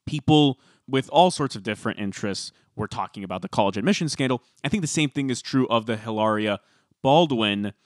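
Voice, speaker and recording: A man co-hosting a podcast, chatting casually and telling stories with animated emphasis. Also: mid-range voice, a little fast, dry recording, clean studio sound. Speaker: podcast co-host.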